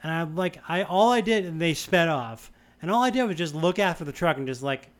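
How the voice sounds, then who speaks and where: A smooth, clear-toned young man from the Boston area tells a long anecdote in casual conversation. His voice sits a little high for a man. He rambles, circles back and restarts his sentences as he goes. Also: fairly quick. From Boston area, USA. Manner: rambling, animated storytelling with many restarts. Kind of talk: casual chat.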